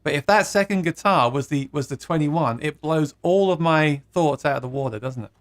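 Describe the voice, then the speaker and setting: A chatty man hosts a live stream with a slightly higher-than-usual voice. He reads viewer comments aloud in a casual, playful way and laughs often at his own jokes. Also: moderate pace. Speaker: host of a live guitar stream.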